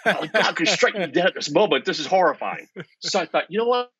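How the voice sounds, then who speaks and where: Middle-aged guy telling stories, bright husky voice, dull lo-fi sound. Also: on the high side, a little fast, no echo. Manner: animated, self-deprecating storyteller. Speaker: guest, economics professor. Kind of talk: storytelling in conversation. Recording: dull lo-fi podcast audio.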